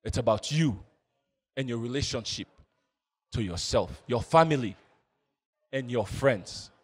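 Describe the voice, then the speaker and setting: A man voicing a grown football coach in an African accent, giving a slow, solemn pep talk. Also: medium pitch, expressive, husky.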